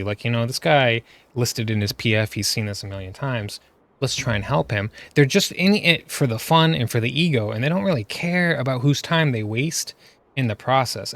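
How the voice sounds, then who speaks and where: A man's voice: medium pitch, a bit bright, no room sound. A man ranting in exasperation over gameplay footage, casual and chatty, often checking in with "right?" as he talks. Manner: exasperated, ranting, keeps tagging "right?" and "you know what I mean?". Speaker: gaming commentator.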